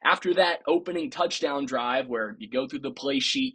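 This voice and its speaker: Man, husky voice, pitch swings a lot, podcast host, opinionated sports talk, playful sarcasm. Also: big pitch swings, moderate pace, few pauses, a bit bright. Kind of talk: casual sports commentary.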